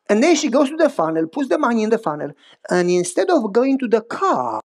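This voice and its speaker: A middle-aged pastor preaches a sermon, recounting personal stories in an animated style marked by big pitch swings and repeated phrases.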